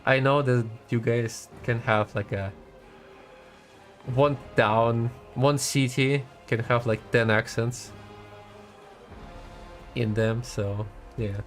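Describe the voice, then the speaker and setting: A man's voice: medium pitch, fairly even intonation, takes it slowly, pauses often, faint music behind. A man giving casual gaming commentary as a streamer, chatty and giggly, rambling as he talks.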